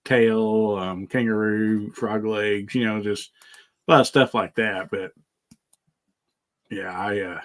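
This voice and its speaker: A man's voice: on the low side, fairly even intonation. A man chatting casually on a podcast, hesitant and full of fillers. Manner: slow, hesitant, lots of fillers. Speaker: podcast co-host. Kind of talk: casual chat.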